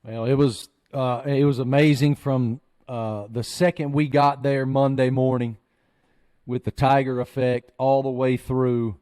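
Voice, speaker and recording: A man hosting a podcast, telling a story in an earnest, animated way. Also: medium pitch, clean tone. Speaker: podcast host. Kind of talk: storytelling chat.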